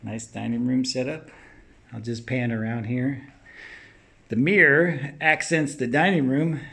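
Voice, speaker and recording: Gravelly man giving a casual house tour. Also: medium pitch. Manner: relaxed, pointing things out as he walks. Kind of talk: casual walkthrough narration. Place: inside a large house.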